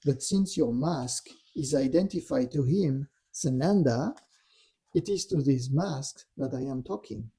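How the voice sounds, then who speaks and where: A man voicing a dark male spirit who taunts with sly, needling questions, in a low husky voice. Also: lively intonation, unhurried, full character voice. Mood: taunting.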